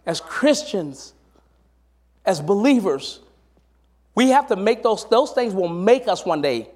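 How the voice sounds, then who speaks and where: High-voiced man preaching a sermon. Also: big pitch swings, takes it slowly, darkish tone. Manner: storytelling, rising to emphatic exhortation. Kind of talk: sermon with personal stories.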